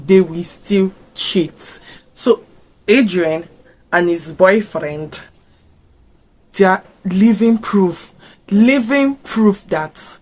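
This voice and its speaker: A young woman with a Nigerian accent, giving casual reaction commentary and firing off rhetorical questions. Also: mid-range voice. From Africa. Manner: expressive, fires off rhetorical questions. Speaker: reaction vlogger.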